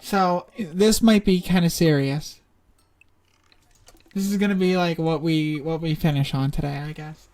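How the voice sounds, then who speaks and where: A woman's voice: deep voice, steady tone, measured pace, darkish tone. A woman streaming a visual novel, chatting casually and rambling through side stories with many fillers. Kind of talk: casual let's-play commentary.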